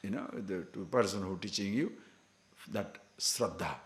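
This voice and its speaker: A man's voice: sits low, moderate pace, roomy sound. A man giving a scripture discourse to a class as a spiritual teacher, emphatic and full of rhetorical questions.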